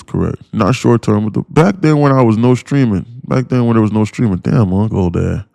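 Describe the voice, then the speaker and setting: A man hosting a live day trading stream, rambling and swearing freely as he talks. His voice sits fairly low. The sound is dry and close, with no room echo. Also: a little fast, gravelly, hardly any pauses, warm tone. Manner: rambling and profane, with many fillers. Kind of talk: casual livestream chat.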